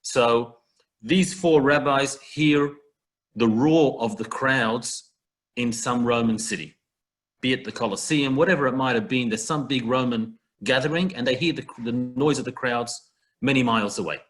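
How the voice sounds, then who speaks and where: A man's voice: medium pitch, moderate pace, fairly bright tone. A man teaching a Talmud passage in an online class, talking it through in a conversational way with everyday comparisons, heard over a video call. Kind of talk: online text study class.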